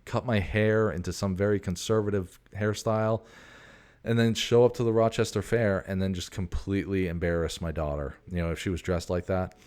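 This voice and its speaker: A man's voice: low voice, fairly even intonation, fairly quick, a little mellow. A man in his forties hosting a casual, rambling monologue, a profane storyteller who keeps drifting off on tangents. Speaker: host.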